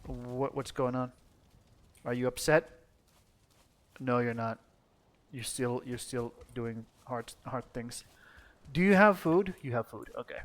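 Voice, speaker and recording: A man's voice: mid-range voice, flat delivery, takes it slowly, pauses often. A young man from Finland, chatting casually and swearing as he plays a video game, talking to himself and his character. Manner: rambling, profane, talks to himself and the game. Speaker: streamer. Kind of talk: casual gameplay commentary.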